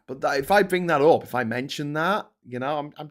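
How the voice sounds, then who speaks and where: A man's voice: fairly high pitch, very animated, quick pace, hardly any pauses. A man hosting casual political commentary in a sarcastic, profane ranting manner. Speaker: host.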